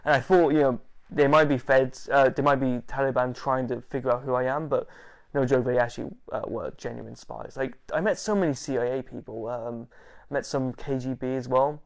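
Animated man telling stories. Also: mid-range voice, moderate pace, vocal fry. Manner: animated, laughing, swearing, with acted-out quotes. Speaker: interviewee. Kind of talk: casual storytelling.

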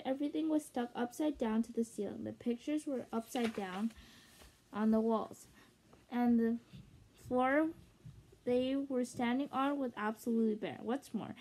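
A woman reading a children's book aloud as a channel's storyteller, with lively dramatic emphasis. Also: fairly high pitch, husky. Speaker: storybook reader.

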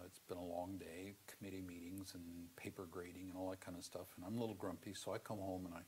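Middle-aged male seminary lecturer, slightly low voice, earnest storyteller with sudden loud emphasis. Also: slight background noise. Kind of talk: classroom theology lecture with personal storytelling.

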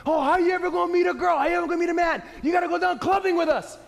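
A man's voice: very high-pitched, rapid-fire, creaky, voice pushed up. A pastor voicing a pushy young male friend who tempts someone to go out partying. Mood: coaxing. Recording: echoey hall.

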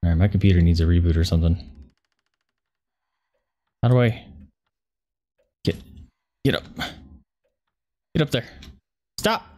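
A man's voice: sits low, lively intonation, unhurried, pauses often, warm tone. A young man streaming a horror game, muttering and cursing at his keyboard as he plays. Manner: frustrated, swearing, talking to himself. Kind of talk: casual gameplay commentary.

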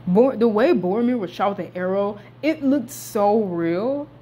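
A young woman, casually recapping a movie in slangy talk that swings between hushed asides and loud outbursts. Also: medium pitch, unhurried, slightly rough, dull audio.

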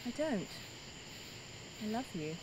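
A woman's voice: mid-range voice, big pitch swings, slow pace, background noise. An actress playing a playful, affectionate woman who teases her partner. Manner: teasing, playful. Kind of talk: student film acting.

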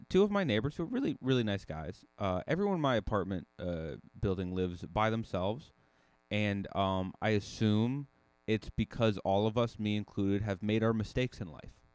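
A man hosting a casual solo podcast, telling a rambling story full of restarts and sudden rises in pitch. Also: smooth, no room sound. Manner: rambling, self-correcting storyteller with lively jumps in pitch. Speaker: podcast host.

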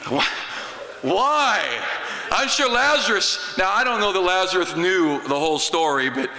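Folksy American pastor, bright and high, casual sermon in a reverberant sanctuary. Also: male voice, lively intonation, measured pace. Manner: folksy, humorous, conversational. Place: church sanctuary.

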